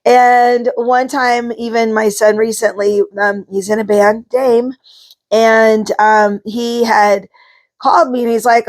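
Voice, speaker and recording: A woman's voice: mid-range voice, flat delivery, measured pace. A middle-aged woman talking casually to camera, chatty and rambling, with frequent ums and asides. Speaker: vlogger, psychic card reader.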